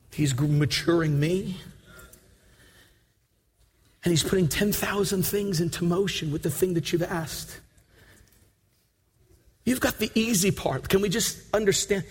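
A pastor preaching a sermon and leading an altar call prayer, pleading and repetitive, building to shouted prayer. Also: male voice, high voice, measured pace, pauses often, slightly rough.

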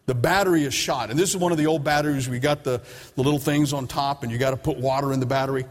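A man's voice: mid-range voice, fairly even intonation, fast. A middle-aged man preaching a sermon, telling a story and acting out his own side of the dialogue with emphasis. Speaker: pastor. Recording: long reverb of a large hall.

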